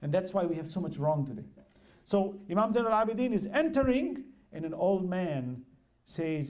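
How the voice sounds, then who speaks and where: A man's voice: high-pitched, sing-song, moderate pace, darkish tone. A man giving a religious lecture, retelling history emphatically and acting out the quoted dialogue. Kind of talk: religious lecture with dramatic storytelling.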